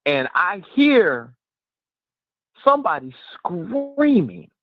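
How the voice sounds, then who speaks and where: A man's voice: a little high, a little slow, phone-quality sound. A middle-aged man telling a personal story on a talk radio show, acting out the voices of the people in it. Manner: animated, acts out voices in his story.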